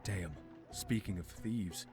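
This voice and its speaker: A man voicing a gruff young bounty hunter in a game, speaking in a dry, grumbling way. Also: low-pitched, slow. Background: music.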